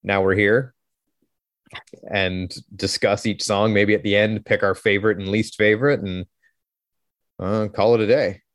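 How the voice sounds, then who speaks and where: A Canadian man in his thirties co-hosts a podcast, rambling and joking with easy, casual swearing. His voice sits fairly low and sounds close and dry, with no room around it. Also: fairly even intonation, measured pace, pauses often, dry recording. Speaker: podcast co-host. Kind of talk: casual chat.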